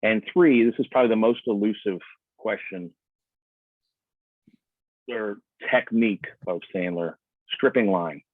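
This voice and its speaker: A man as a sales trainer teaching on a video call, animated, acting out customer dialogue. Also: on the low side, unhurried, pauses often, no echo. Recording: tinny phone-like line.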